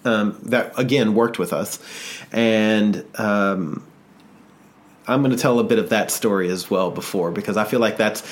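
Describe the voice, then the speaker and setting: A man's voice: fairly low pitch, measured pace. A man co-hosting a podcast, telling a personal story in a rambling, self-deprecating way with casual swearing. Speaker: podcast co-host.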